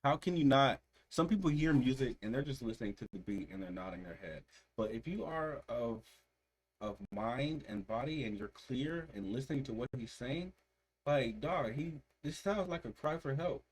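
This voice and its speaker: A man's voice: medium pitch, expressive, normal speed. A man hosting a reaction video, giving earnest, reflective commentary and repeating phrases for emphasis.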